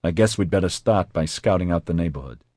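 A man voicing a level-headed male squad leader who speaks in a calm, measured way. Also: sits low, no room sound, clean studio sound. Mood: steady.

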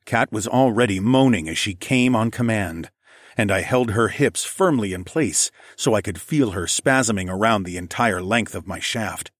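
A man narrating a first-person story in a steady, even storytelling voice. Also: on the low side, normal speed, no echo, clean studio sound. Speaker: audiobook narrator.

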